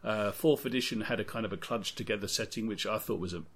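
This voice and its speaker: A man with a slightly low voice holds forth on a podcast. He rambles through his points and states strong views plainly. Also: fast talker, fairly bright tone, breathy edge. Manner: opinionated, rambling. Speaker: podcast co-host. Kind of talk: casual podcast discussion.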